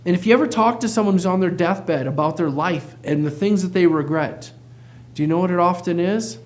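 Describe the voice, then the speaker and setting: Giving an earnest, emphatic motivational talk, an American practice coach speaks briskly in a high, light voice. He keeps throwing rhetorical questions at his audience.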